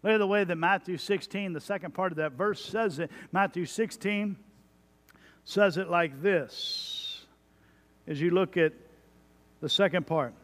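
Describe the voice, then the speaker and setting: A man in his forties from Texas preaching a sermon as pastor, animated, with lively asides about his own family. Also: high voice, measured pace. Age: 40s. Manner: animated preaching, mimicking a parent's stock phrases.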